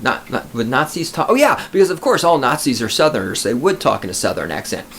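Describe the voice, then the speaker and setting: A man's voice: mid-range voice, sing-song, fast talker, fairly bright tone, slight background noise. A man hosting a podcast, ranting alone in a sarcastic, profane, mocking way. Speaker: podcast host. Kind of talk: sarcastic solo podcast rant.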